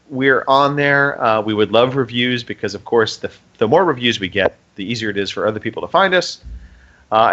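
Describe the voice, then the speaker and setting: A man's voice: medium pitch, sharp tone, muffled recording. A man from the United States co-hosting a casual podcast, joking and rambling through the show plugs. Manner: jokey, rambling announcer reading plugs. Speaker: podcast co-host.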